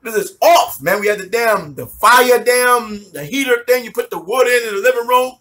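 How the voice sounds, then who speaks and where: A man, telling a testimony in an animated, slangy way, swearing, laughing often and checking that the listener follows. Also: very high voice, normal speed. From New York City. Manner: swears a lot, street slang, keeps asking if you follow. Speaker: minister giving a testimony.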